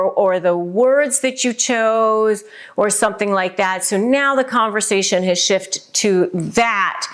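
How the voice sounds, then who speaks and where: A woman hosting a casual advice video who talks to camera in a conversational way, with many fillers. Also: medium pitch. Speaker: host giving relationship advice.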